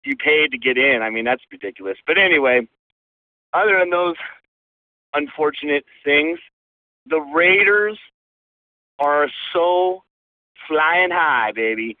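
A man's voice: a little high, lively intonation, measured pace, pauses often, no echo. A male caller leaving a rambling, profane, overexcited voicemail from his car. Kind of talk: excited fan voicemail. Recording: tinny phone line.

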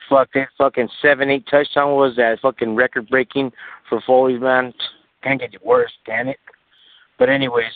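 A man's voice: mid-range voice, no room sound. A man calling in to a sports radio show, ranting in a frustrated, profane, rambling way. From Bakersfield, California. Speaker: caller. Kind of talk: call-in sports radio rant. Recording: tinny phone line.

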